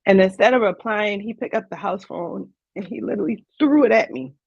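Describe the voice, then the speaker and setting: Gravelly-voiced woman telling her story. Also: mid-range voice, brisk, no room sound. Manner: earnest, vivid retelling with quoted dialogue. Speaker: guest. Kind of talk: personal storytelling in an interview. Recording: dull lo-fi dry sound.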